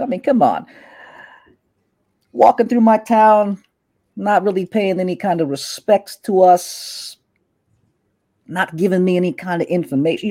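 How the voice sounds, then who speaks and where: A man's voice: high-pitched, warm tone, pitched above the performer's own voice. A man doing a smug half-elf mobster boss. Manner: taunting, drawling threats.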